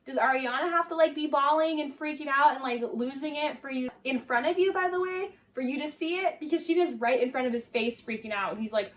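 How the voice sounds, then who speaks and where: A woman's voice: high voice, a little fast, hardly any pauses, fairly bright tone, recorded from a distance. A young woman giving casual video essay commentary, sarcastic and exasperated, saying "like" a lot.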